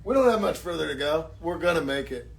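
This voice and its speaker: A man with a fairly high-pitched voice chats casually on a live stream while he signs autographs. He jokes about himself and thanks each fan warmly. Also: animated, fast, vocal fry, slight background noise. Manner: jokey, self-mocking, warm thanks.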